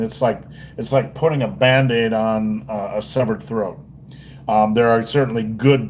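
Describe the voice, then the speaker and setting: A man's voice: lowish voice, a little mellow, slight background noise. Rambling, profane male livestream host. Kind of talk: casual livestream chat.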